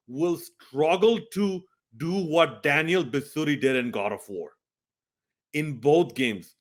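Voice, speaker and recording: A man's voice: fairly high pitch, fairly bright tone. A man reviewing a video game, speaking earnestly and emphatically straight to his viewers. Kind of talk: scripted review talk.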